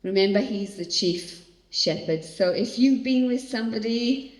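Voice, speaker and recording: A woman's voice: fairly high pitch, measured pace, darkish tone. Earnest woman teaching in echoey hall. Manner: earnest, talks directly to audience members. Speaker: seminar speaker. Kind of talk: conversational church teaching.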